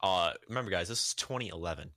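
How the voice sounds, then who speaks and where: A young man co-hosting a podcast in casual chat, excitable and quick to laugh and joke. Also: sits low, dry recording, clean studio sound. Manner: excitable, laughs often, jumps in with jokes. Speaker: podcast co-host. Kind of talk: casual chat reviewing wrestling.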